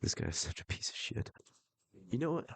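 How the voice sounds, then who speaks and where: A man's voice: a little fast, a bit bright, dry recording. A man doing comedic reaction commentary while reading texts aloud, sarcastic and profane.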